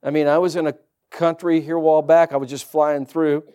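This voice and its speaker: A male pastor preaching a sermon, reading scripture aloud and rising into loud, fervent preaching. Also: fairly high pitch, little pitch movement, brisk, clear, resonant tone.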